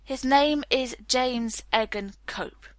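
A woman's voice: sits high, takes it slowly, no room sound, pitched above the performer's own voice. A woman reading the part of a haughty, imperious middle-aged naval captain, stiff and formal. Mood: cutting.

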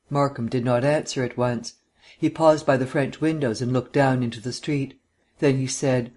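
A man narrating a detective novel as an audiobook reader, in an even, measured way. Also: medium pitch.

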